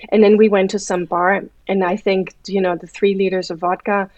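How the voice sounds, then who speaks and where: A woman's voice: medium pitch, little pitch movement, normal speed, darkish tone, no room sound, muffled recording. German woman hosting, chats away with lots of likes, dry close sound. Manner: chatty storyteller, many "like" fillers. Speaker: host. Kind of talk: casual chat.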